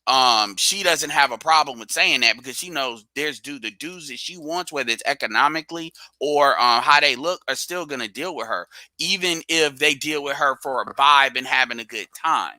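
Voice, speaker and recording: A man's voice: medium pitch, moderate pace, hardly any pauses, bright, forceful tone, no echo, rough recording. A man giving blunt, slangy opinions in a casual reaction chat.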